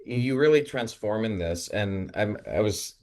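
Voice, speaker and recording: A man's voice: lowish voice, animated, a little slow, darkish tone. A man from North Dakota who interviews an actress, asking friendly questions and giving compliments.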